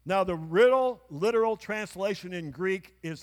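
High-voiced man preaching in echoing church. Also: expressive, moderate pace. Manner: emphatic preaching with call-and-response. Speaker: pastor. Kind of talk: sermon. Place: church sanctuary. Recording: long church hall reverb.

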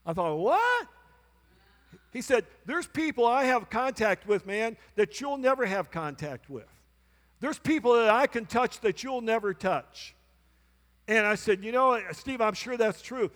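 The sermon comes from a male pastor whose very high, somewhat bright voice is expressive and set at normal speed, with big-room sound from the church sanctuary. While telling a story he performs both sides of a dialogue and calls out to the congregation.

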